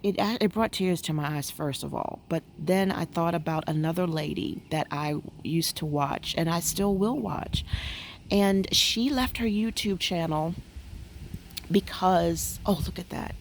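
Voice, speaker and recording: Woman, vlogger, low-pitched, gravelly, rambling, casual chat outdoors. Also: unhurried, a little hiss or hum. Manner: rambling, musing, frequent fillers. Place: outdoors at home.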